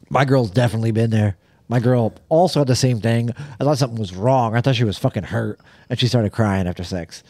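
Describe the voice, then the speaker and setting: A man's voice: medium pitch, brisk, darkish tone, no echo, clean studio sound. A young man co-hosting a podcast in casual chat, crude and joking, laughing often as he talks. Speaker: podcast co-host.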